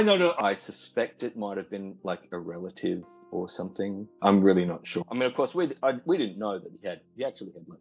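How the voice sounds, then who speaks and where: A man's voice: deep voice, breathy edge, poor audio. A man calling in and telling a long story, often repeating words and giving wry laughs. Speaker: caller. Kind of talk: casual storytelling on a call.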